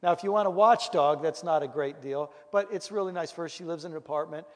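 A middle-aged man, a pastor, giving a lecture full of comic stories, animated and full of restarts. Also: on the high side, brisk. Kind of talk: humorous storytelling lecture. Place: lecture hall. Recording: reverberant hall.

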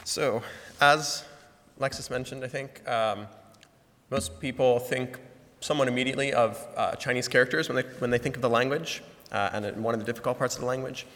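Bright-voiced young man explaining in a hall. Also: medium pitch, steady tone, fairly quick, a little hiss or hum. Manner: explains step by step, demonstrating sounds. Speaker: student presenter. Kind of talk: explanatory class presentation. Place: lecture room with large slides. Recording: reverberant hall sound.

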